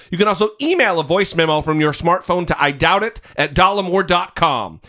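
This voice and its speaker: Animated bright-voiced male podcast host. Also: high voice. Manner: heated, cursing, emphatic. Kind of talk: casual political chat.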